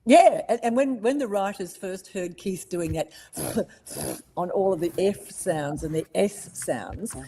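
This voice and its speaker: An older Australian woman in her seventies, chatting as a guest in an interview. Her voice sits low, and she tells her stories with lively energy and frequent laughter. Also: slow, slight background noise. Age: 70s. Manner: lively storyteller, laughs often. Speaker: voice actress guest. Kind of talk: casual interview chat.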